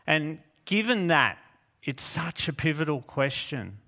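A male preacher with a bright, fairly high voice tells a story from the pulpit. He is animated and dramatic, drawing out key words with slow pauses. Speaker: pastor. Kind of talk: storytelling sermon.

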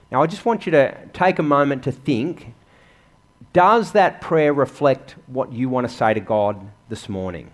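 A man's voice: mid-range voice, animated, measured pace. A man preaching a sermon in a church, earnest and conversational, asking the congregation questions. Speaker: pastor.

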